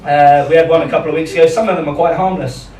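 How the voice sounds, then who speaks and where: Self-deprecating comic, roomy club. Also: male voice, fairly high pitch, fairly even intonation, quick pace, darkish tone. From England. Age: young adult. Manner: chatty, self-deprecating, rambling with many ums. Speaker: stand-up comedian. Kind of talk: live stand-up set. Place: small comedy club in a pub. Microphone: handheld stage microphone. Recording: roomy club sound, distant mic, audience noise.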